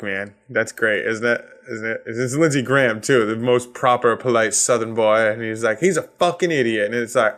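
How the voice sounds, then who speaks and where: A man's voice: mid-range voice, fairly bright tone. A man from Massachusetts with a Boston accent, hosting a solo comedy podcast and ranting with heavy swearing and sarcasm. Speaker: podcast host.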